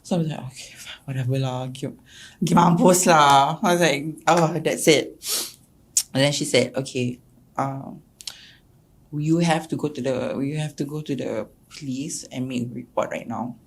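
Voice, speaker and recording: Low-voiced Singaporean woman telling her story. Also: moderate pace. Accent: Singaporean English. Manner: animated, acts out quotes with sharp jumps in pitch and loudness. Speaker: podcast guest. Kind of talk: personal storytelling interview.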